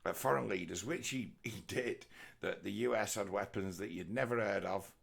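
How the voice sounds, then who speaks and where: A middle-aged man's low voice, gravelly and a little husky. He rambles through a sweary comic monologue in a loose, meandering way. Now and then he slips into mocking impressions. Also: normal speed, fairly bright tone. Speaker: comedian. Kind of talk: rambling stand-up style monologue.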